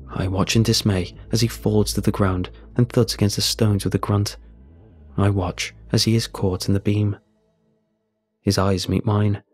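A man narrating a horror story in a measured, tense storytelling manner. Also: lowish voice, a little mellow. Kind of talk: scripted narration. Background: faint music.

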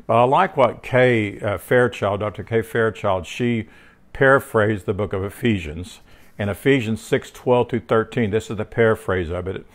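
At a moderate pace and fairly low pitch, a man teaches from the Bible in a loose, chatty way. His rambling includes frequent restarts, filler words, stories from his own life, and tag questions that check in with the listener.

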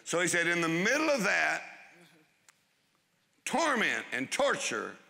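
A man preaching a sermon to a congregation, drawing out key phrases for emphasis and dropping into quick asides. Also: sits high, huge pitch swings, vocal fry, pushed and bright, long reverb tail. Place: church hall before a congregation.

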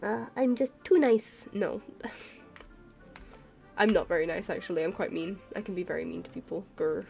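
A woman's voice: medium pitch, normal speed, gravelly, pauses often, a little mellow, soft background music. Tired, rambling woman streamer, chatty. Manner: rambling, self-deprecating, apologetic, laughs often. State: tired and yawning. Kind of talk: casual chat while drawing.

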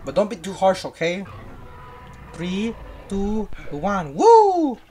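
Excitable gamer teasing a buddy. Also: medium pitch, takes it slowly, slight background noise. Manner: playful, excitable, teasing a friend. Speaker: gamer narrating gameplay. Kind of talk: casual gameplay commentary.

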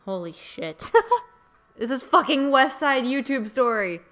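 A woman's voice: sits high, lively intonation, unhurried, fairly bright tone, soft background music. A young woman co-hosting a let's play, dropping dry, sarcastic quips. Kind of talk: joking commentary.

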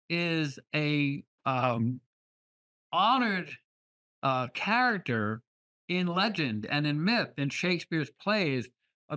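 A man lecturing on poetry over a video call. He talks at an unhurried, measured pace, leaning on words as he reads lines aloud. His tone is bright and forceful. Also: on the high side. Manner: deliberate, reads verse aloud with careful emphasis. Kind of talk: online literature lecture.

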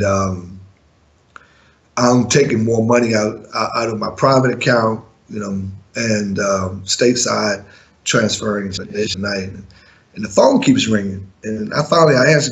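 A man's voice: lowish voice, unhurried. A man and former music manager telling a story in an interview, blunt and profane, chuckling now and then.

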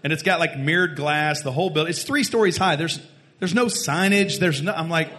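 A man's voice: fairly high pitch, normal speed. A man with a Texan accent, a radio host, telling a funny story live to an audience and acting out the quotes. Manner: animated, acts out quotes, laughs often.

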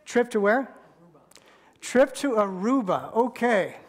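A man preaching a sermon as pastor, bantering with the congregation and telling a story with halting restarts. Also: extremely high pitch, lively intonation. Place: church sanctuary.

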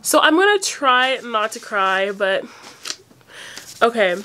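A woman's voice: on the high side, very animated, takes it slowly, pushed and bright, a little hiss or hum. A young woman vlogging casually on her phone, rambling with lots of fillers and sounding emotional and close to tears. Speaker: vlogger opening fan mail. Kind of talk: casual unedited phone vlog.

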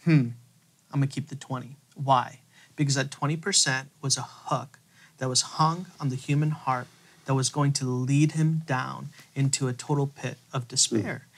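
A theologian co-hosting a faith podcast retells a Bible passage in a lively storytelling style, acting out the quoted lines. His mid-range voice is creaky and moves at a normal speed.

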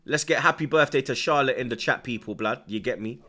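A man's voice: mid-range voice, brisk, bright, forceful tone. A young man hosting a football watchalong stream, reading out viewers' comments and peppering his chat with slang like "blood" and "you get me". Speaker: livestream host.

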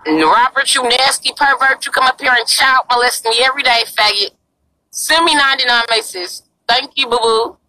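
A woman's voice: high voice, animated, moderate pace, sharp tone, poor audio. A young woman livestreaming outdoors in a parking lot on her phone, talking in a brash, crude and pleading way. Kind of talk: casual live-stream chat.

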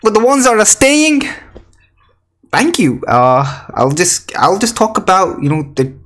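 A man doing gacha summon commentary for a video, excitable, swinging from mock gloom to shrieks, his voice cracking. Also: high-pitched, unhurried. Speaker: gaming YouTuber.

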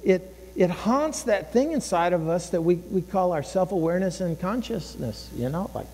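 A man's voice: high-pitched, expressive, normal speed, few pauses, mellow, in a large hall. A man preaching a sermon as a pastor, emphatic and repeating his phrases, sometimes voicing inner thoughts.

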